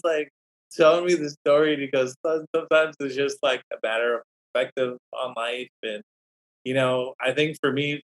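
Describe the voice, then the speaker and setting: A man's voice: mid-range voice, a bit bright, low-quality recording. Scholar guest, male, mid-range voice; chatty, meandering anecdotes with false starts. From Native American community. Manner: rambling, anecdotal, many restarts. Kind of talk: podcast interview storytelling.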